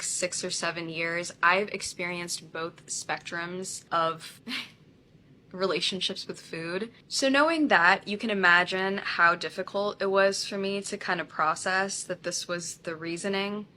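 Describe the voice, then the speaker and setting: A woman speaks candidly into the camera about a painful personal experience. Her voice is bright, and she often laughs lightly. A faint ambient noise sits behind her. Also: on the low side. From India. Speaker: content creator.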